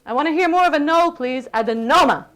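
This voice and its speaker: A woman lecturing a university class in a lively, playful way, often checking in with the students. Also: extremely high pitch, fast talker.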